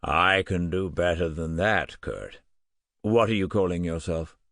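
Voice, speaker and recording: A male audiobook narrator voicing a blunt, gruff professor with an American accent. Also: deep voice, a little slow, a bit bright, no echo, studio quality.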